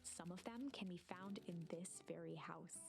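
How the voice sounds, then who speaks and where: A woman voicing the measured storybook narrator of a video game, sometimes dropping to a whisper. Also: mid-range voice, animated, natural voice. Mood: confiding. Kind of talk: scripted narration. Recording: game audio with music underneath. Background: game music.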